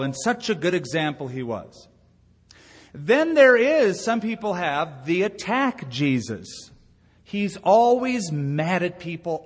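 A man's voice: on the high side, a bit bright, slightly rough. A male pastor delivering a sermon, telling a story and building to emphatic points. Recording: long reverb of a church hall.

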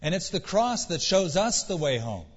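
Male pastor, earnest sermon delivery, somewhat high voice, dull recording with long church echo. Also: big pitch swings, slightly rough. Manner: earnest preaching with dramatic pauses and rhetorical questions.

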